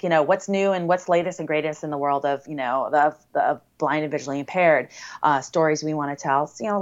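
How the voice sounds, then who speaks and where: A woman's voice: fairly low pitch, dull audio. An American woman chatting as a podcast guest, upbeat and talkative with lots of fillers. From United States. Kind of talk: casual interview chat.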